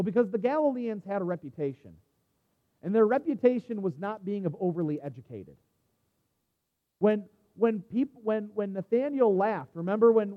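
High-voiced man preaching in a reverberant hall. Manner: conversational preaching with frequent restarts and asides. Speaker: pastor. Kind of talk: sermon. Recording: dull sound with long hall reverb.

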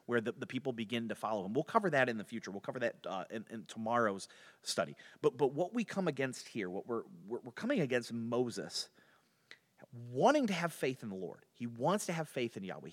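A man teaching an informal Bible study with frequent restarts and chuckles between points. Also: mid-range voice. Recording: long hall reverb.

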